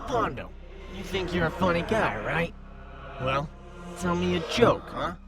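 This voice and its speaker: A man voicing a pushy, taunting male heckler with a gravelly voice. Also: on the high side, lively intonation, a little slow, music in the background. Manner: taunting, challenging.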